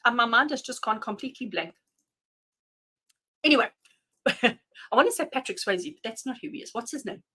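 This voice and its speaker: A woman giving tarot readings on a live stream, chatty and animated, addressing viewers by name and laughing often. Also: mid-range voice, husky, low-quality recording. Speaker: tarot reader.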